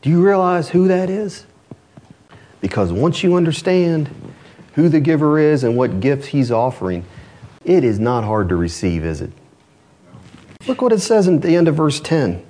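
A man's voice: a little high, big pitch swings, moderate pace, long pauses, warm tone. A man preaching a sermon as pastor, earnest, asking rhetorical questions and reading scripture aloud. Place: church.

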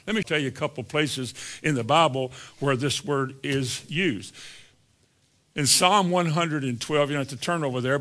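Male preacher, somewhat high and ringing tone, stretches out verses, moves from hushed to forceful. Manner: slows down and drags out scripture quotes for emphasis; addresses the congregation directly, swinging from soft to emphatic. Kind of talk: sermon. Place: church in front of a congregation.

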